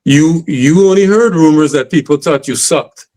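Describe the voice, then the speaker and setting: A man's voice: a little high, moderate pace, dark tone. Emphatic man in casual talk. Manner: emphatic, leans on "you know what I mean" and "right?". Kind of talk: casual podcast chat.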